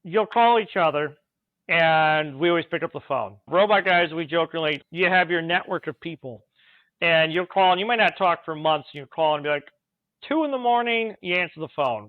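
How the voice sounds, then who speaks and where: A man, an automation engineer, telling work stories in a casual interview, animated and laughing now and then. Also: a little high, moderate pace, dry recording. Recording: tinny phone-like remote call line.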